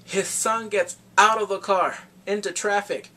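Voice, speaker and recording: A man recapping a film in casual chat, animated and full of reactions. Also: high-pitched, measured pace. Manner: animated, reacts with exclamations and gasps. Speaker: movie reviewer.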